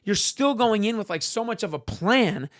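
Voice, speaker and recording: A man's voice: high-pitched, animated, normal speed, a bit bright. A man, a magician and guest, telling a personal story in an earnest, casual way, with many "like" and "um" fillers.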